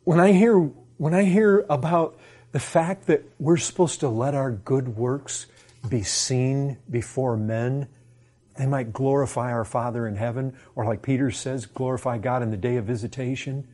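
A man's voice: mid-range voice, measured pace, mellow. A man preaching a sermon to his congregation, impassioned and full of rhetorical questions.

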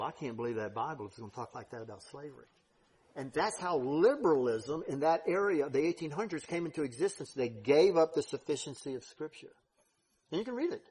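A man preaching a sermon, with emphatic stresses and sudden quiet drops. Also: mid-range voice, slightly rough.

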